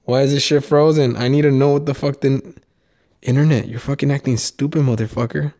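A young adult man hosting a solo comedy podcast, rambling and swearing, leaping into mocking high notes as he riffs. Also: steady tone, a little fast, warm tone. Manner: profane, rambling, jumps between topics; mocking sing-song jumps up in pitch. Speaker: podcast host.

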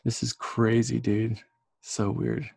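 Brief: man with a gravelly rasp, rambling and excitable in a casual podcast chat, mid-pitched. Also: takes it slowly, dry recording. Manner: excitable, swears freely, rambling.

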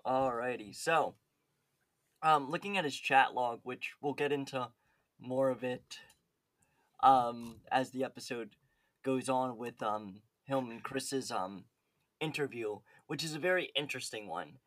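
A man's voice: medium pitch, measured pace, fairly bright tone, dry recording. A man co-hosting a podcast in casual chat, rambling with lots of "like" and "um". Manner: rambling, filler-heavy with many "like"s. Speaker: podcast co-host.

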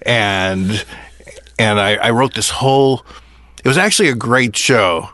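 A man's voice: on the low side, measured pace, sharp tone, dry recording. Rambling man telling a story, dry sound. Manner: rambling, restarts often. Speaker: podcast host, former comedy writer. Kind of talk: casual storytelling chat.

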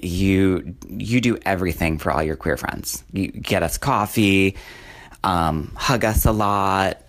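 A podcast host talks on his own with a very low, deep voice. He rambles from topic to topic with wry jokes thrown in. It is a relaxed, casual monologue. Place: away from home, in the countryside.

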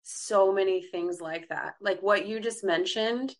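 A woman's voice: medium pitch, measured pace. A woman hosting a podcast, responding to her guest in a reflective, affirming way. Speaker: podcast host. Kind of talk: conversational podcast chat.

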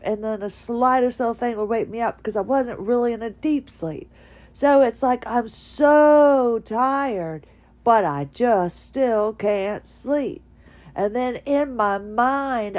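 A tired woman talks from her bedroom in a rambling, halting monologue full of restarts. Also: fairly high pitch, a little mellow. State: tired, drowsy. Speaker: podcaster. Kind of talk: casual personal monologue.

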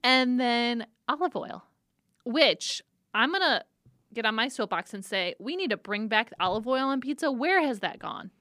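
A young woman with a slightly high voice chats playfully on a food podcast, teasing her co-host and filling gaps with ums. The sound is close and dry. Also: expressive, normal speed, pushed and bright, no echo. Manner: playful, teasing, chatty with fillers. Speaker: co-host presenting pizza facts. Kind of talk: casual podcast chat.

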